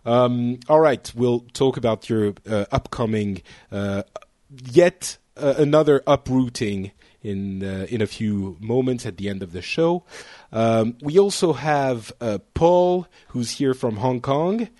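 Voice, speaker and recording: A French podcast host leads a relaxed international panel chat, playfully teasing his guests with quick asides and laughing easily. His middle-pitched voice is recorded close and dry, with no room sound.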